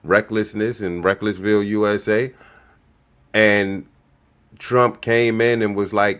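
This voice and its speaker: A man's voice: fairly low pitch, fairly even intonation, unhurried, fairly bright tone, smooth. A man hosting a livestream, heatedly reacting to clips with profane, mocking commentary. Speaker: show host reacting to clips.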